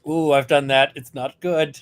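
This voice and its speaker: Speaking smoothly at normal speed in a slightly high voice, a man who is both lawyer and podcast co-host tells a courtroom story in a casual chat. He uses plenty of fillers and voices the quoted dialogue with animation.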